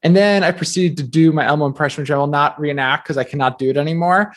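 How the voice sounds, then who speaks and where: A man in his thirties from New Jersey, a guest author chatting casually in an interview, peppering his talk with fillers. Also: a little high. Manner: chatty, quick, filler-heavy with many "like"s.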